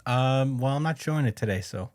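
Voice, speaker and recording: Dude hosting a podcast, recapping a comic chapter, swears a lot, laid back, chuckles here and there. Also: male voice, medium pitch, expressive, fairly quick. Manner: loose and profane, chuckles while recapping. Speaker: podcast host. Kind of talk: casual chat recapping a manga chapter.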